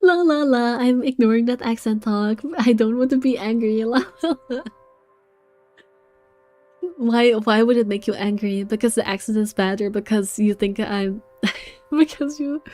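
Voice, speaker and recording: A woman's voice: a little high, fairly even intonation, normal speed, warm tone, faint music behind. Laughing, swearing woman streamer. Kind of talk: live game commentary and read-aloud.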